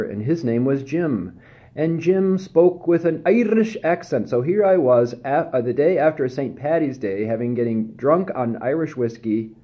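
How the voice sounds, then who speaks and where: A man giving a candid, self-deprecating personal testimony, speaking haltingly with frequent pauses and restarts. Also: medium pitch, lo-fi sound. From Southern California.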